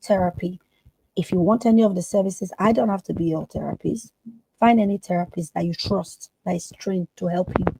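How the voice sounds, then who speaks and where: A woman's voice: lowish voice, brisk, gravelly, mellow, husky, low-quality recording. A woman therapist speaking as a podcast guest, earnest and emphatic. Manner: emphatic, acts out quoted voices.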